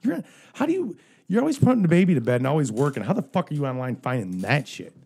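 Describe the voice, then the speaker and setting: A man's voice: on the high side, big pitch swings, fast talker, dark tone, husky. A man ranting in casual podcast chat, profane and joking.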